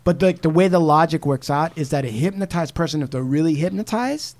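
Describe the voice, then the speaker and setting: Profane, animated man telling crime stories. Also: a little high. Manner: profane, animated retelling with quick asides. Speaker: podcast co-host. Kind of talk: casual true-crime storytelling.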